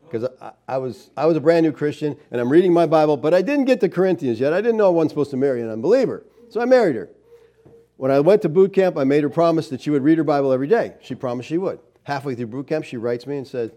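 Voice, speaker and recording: Animated preacher with a mellow voice. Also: male voice, fairly high pitch. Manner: animated storytelling, swings from loud emphasis to quiet asides. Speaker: pastor. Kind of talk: sermon.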